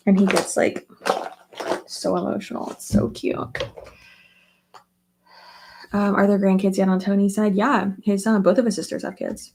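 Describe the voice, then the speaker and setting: A woman's voice: medium pitch, flat delivery, normal speed, gravelly, pauses often, darkish tone, a little hiss or hum. A young woman chatting casually while getting ready, rambling with lots of fillers. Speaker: beauty vlogger. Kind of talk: casual get-ready-with-me chat.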